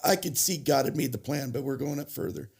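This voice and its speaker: A man telling his recovery story as a podcast guest, halting and restarting as he goes, plainly moved as he recalls it. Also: medium pitch, creaky, a little mellow, slightly rough. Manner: halting, restarts and self-corrections, emotional retelling. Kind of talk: personal storytelling.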